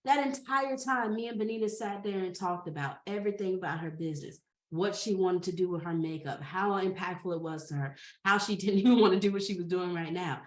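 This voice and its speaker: A woman guest on a podcast, telling a story in a lively, dramatic way and laughing often. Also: lowish voice, brisk. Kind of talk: animated storytelling. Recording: roomy echo.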